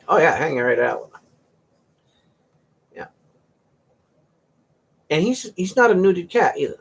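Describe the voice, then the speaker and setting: A man's voice: a little high, big pitch swings, a little slow, creaky, pauses often, slightly rough. A man hosting a casual chat, rambling through stories about his cats and sometimes mimicking their meows. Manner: rambling storyteller, imitates cats meowing. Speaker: host.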